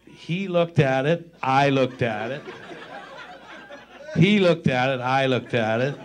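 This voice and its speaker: Man telling lively hockey stories on stage. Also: a little high. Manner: lively anecdotes, laughs through punchlines. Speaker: former hockey player, guest speaker. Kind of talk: animated storytelling at a live event. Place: on stage at a public event.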